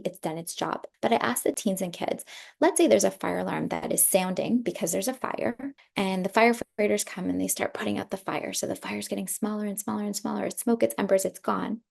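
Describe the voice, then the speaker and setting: A woman pain clinician calmly explaining chronic pain with everyday metaphors, with a Canadian accent. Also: mid-range voice, vocal fry. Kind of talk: educational explanation.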